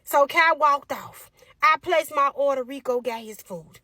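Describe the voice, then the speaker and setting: Animated woman telling a funny story. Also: high-pitched, measured pace, dry recording, clean studio sound. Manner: animated, sassy, exasperated. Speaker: comedic storyteller. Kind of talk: comic storytelling.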